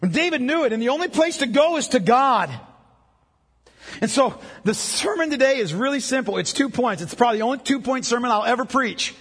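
A man preaching a sermon as a pastor, impassioned and emphatic, with a husky voice. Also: very high-pitched, expressive, a little fast, a bit bright. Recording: long reverb of a large hall.

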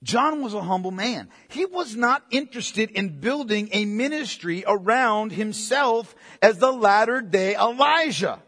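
Male pastor, middle-aged, husky high voice, lively conversational sermon delivery. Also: a little slow, hardly any pauses, in a large hall. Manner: animated, conversational preaching with direct questions to listeners.

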